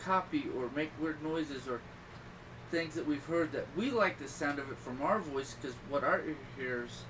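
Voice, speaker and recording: A middle-aged man hosting a podcast, chatting casually and telling rambling stories with sudden loud bursts. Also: fairly high pitch, normal speed, far from the mic. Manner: rambling, animated storytelling with loud outbursts. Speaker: podcast host. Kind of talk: casual chat. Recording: voice a little off-mic with clear background noise.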